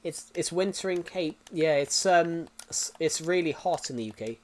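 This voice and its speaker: Young British male streamer, slightly raised pitch, meandering chatty delivery with lots of ums and restarts. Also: expressive, moderate pace. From United Kingdom. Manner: rambling, with many restarts and fillers. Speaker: live streamer. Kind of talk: casual chat with live viewers.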